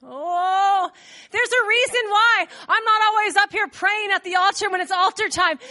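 A woman preaching a sermon in church, animated, telling the story with laughs and acted-out voices. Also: very high-pitched.

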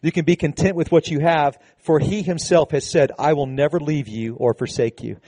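Man, pastor, sermon, conversational, animated, mellow voice, dry sound. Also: on the high side, moderate pace, no room sound. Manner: animated, conversational preaching with casual asides. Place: church service with a congregation.

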